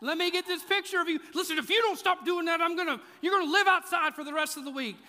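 A frazzled parent barking orders at the kids, loud and rushed, as a preacher acts him out. The voice is high and bright, ringing around a big echoey hall. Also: male voice, heavily acted. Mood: exasperated. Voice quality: shouting, rushed.

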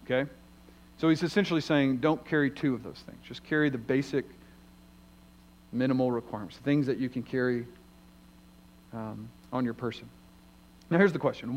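A man's voice: mid-range voice, normal speed, pauses often, low-quality recording. A man preaching an expository sermon, earnest and emphatic, asking his listeners rhetorical questions.

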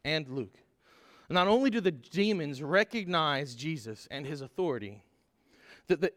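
High-voiced man preaching a sermon. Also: no room sound, clean studio sound. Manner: animated preaching, rhetorical questions to the congregation. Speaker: pastor.

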